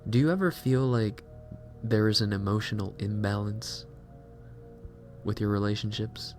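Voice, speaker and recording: Soft music plays behind a man with a lowish voice talking at normal speed. As a livestream host, he reads chat aloud and chats in a casual, musing, self-reflective way.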